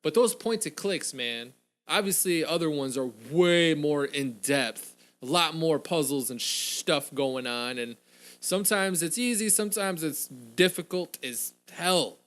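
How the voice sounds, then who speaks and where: A man's voice: on the high side, animated, unhurried, fairly bright tone. A man hosting a gaming channel, giving loose, casual let's-play commentary and saying "frickin'" a lot.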